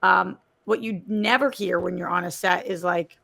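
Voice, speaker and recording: Woman with a gravelly fry. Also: on the low side, steady tone, normal speed, a bit bright. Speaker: podcast co-host. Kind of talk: casual chat.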